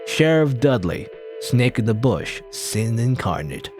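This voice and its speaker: A man's voice: mid-range voice, sing-song, measured pace, music in the background. A man playing a grandiose vengeful gunman. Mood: menacing. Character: vengeful theatrical Western gunman, man in his forties.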